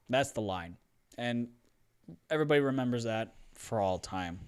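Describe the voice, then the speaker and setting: A man hosting a casual film commentary show, enthusiastic and playful, slightly hoarse. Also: medium pitch, lively intonation, moderate pace. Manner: enthusiastic, playful, with frequent fillers. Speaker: host. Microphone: studio microphone.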